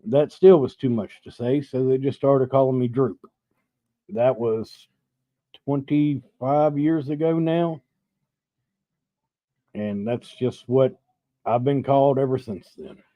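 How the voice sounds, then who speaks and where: Over drinks on his live stream, a middle-aged man speaks slowly in a medium pitch, leaving long pauses as he tells a relaxed, meandering, foul-mouthed story. There's no room sound, and the audio is dull, dry and lo-fi.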